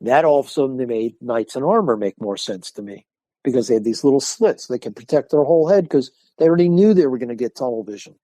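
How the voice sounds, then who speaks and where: An older man, a martial arts instructor, talking as a guest in an interview, animated and acting out the voices of people in his stories. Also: medium pitch, fast, dry recording. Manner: animated storyteller, acts out quoted voices. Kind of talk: casual interview talk.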